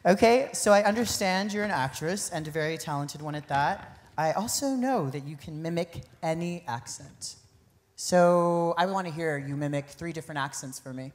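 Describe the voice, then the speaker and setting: A woman's voice: low voice, normal speed. A woman hosting a live pageant on stage, chatting playfully with contestants and laughing often. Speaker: pageant host. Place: live pageant show in a concert venue.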